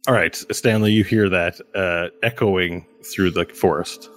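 A man running a tabletop game as game master, narrating with animated delivery and frequent laughter. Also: deep voice, a little slow, soft background music. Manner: animated, laughs often, acts out voices.

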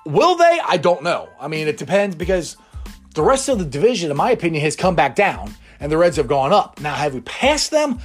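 Animated, chatty sports show man. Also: a little high, a little fast, faint music behind. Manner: rambling and chatty, laughs often. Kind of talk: casual sports talk.

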